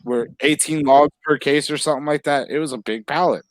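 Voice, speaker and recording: A man's voice: a little high, brisk, no echo. Chatty man hosting a video call. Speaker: host. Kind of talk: casual video call chat.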